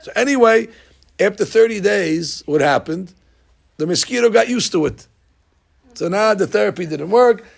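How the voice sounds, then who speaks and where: A man teaches a Talmud class, retelling old stories with lively energy and acting out the lines. His voice is rough and gravelly, with a husky edge. It sits fairly high for a man. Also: normal speed. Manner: animated storyteller, acting out lines with rising shouts. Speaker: Torah teacher.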